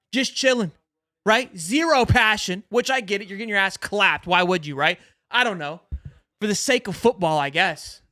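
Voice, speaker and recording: Ranting young man, bright lively voice. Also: very high voice, no room sound, studio quality. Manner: angry, ranting, swears a lot, reads out donations. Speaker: sports livestream host. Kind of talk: ranting fan livestream.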